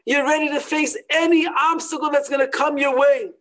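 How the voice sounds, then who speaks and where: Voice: high voice, steady tone, normal speed, pitched above the performer's own voice, poor audio. A preacher doing a harsh male smuggler. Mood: remorseful. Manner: threatening shouts, later hushed apologies. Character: gruff male smuggler, harsh then remorseful.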